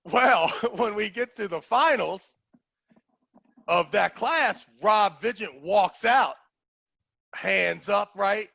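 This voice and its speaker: A man with a high, gravelly, bright voice tells a story in casual chat. He talks in an animated way and acts out the people in his story. The voice is a little husky and the room is dry. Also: takes it slowly, long pauses, no room sound. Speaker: podcast host telling a story.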